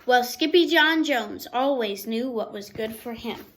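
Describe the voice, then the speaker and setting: A woman reading a children's picture book aloud, expressive, pausing to explain words for young listeners. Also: fairly high pitch, slight background noise, low-quality recording. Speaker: storybook reader.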